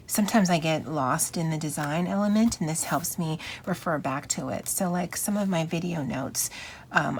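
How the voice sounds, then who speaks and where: A woman casually chatting about her planner notebooks at her home desk, with frequent fillers and soft laughs. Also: sits low, slight background noise. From Hawaii. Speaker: planner vlogger. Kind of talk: casual show-and-tell.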